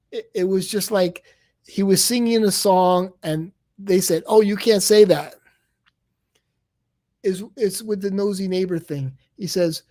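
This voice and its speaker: A man with a high voice but a darkish tone chats on a late-night live stream, rambling and exasperated, frequently stammering and repeating himself with repeated cries of "come on, man". The studio sound is clean, without echo.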